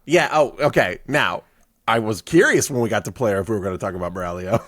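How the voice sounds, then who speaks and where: Playful man with a lively voice. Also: fairly low pitch, brisk, no room sound, studio quality. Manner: playful, witty wordplay. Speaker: podcast co-host. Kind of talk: casual chat.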